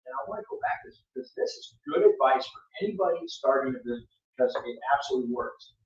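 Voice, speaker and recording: A man's voice: mid-range voice, huge pitch swings, fast, distant mic. A man hosting a podcast, telling his story in a blunt, emphatic way with lots of restarts. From Florida. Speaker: podcast host. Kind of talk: casual storytelling chat. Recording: echoey room, off-mic, dull sound.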